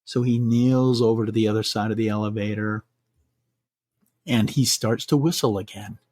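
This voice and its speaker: A man hosting a podcast, telling a scary bedtime story in a measured way, slowing down for suspense. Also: fairly low pitch, fairly even intonation, darkish tone, no room sound. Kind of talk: spooky bedtime story narration.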